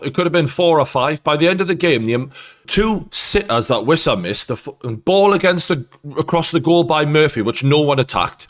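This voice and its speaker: Man, fan-channel host, furious sweary post-match rant, mid-pitched voice. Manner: angry, heavy swearing, ranting.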